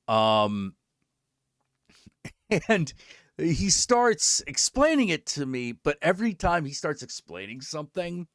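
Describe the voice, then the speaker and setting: A man's voice: a little high, slow pace, no echo, studio quality. A man hosting his own stream, chatting casually and telling a story with lots of swearing, acting out both sides of conversations. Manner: animated, profane, acts out both sides of conversations. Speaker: streamer host.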